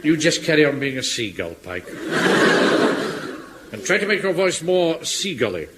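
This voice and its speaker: A pompous, self-important Home Guard captain in an old radio comedy. His voice is high and swings widely in pitch. The archive recording carries steady hiss. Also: moderate pace. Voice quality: pompous, indignant. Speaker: captain narrating a radio skit. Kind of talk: 1960s-70s radio comedy acting.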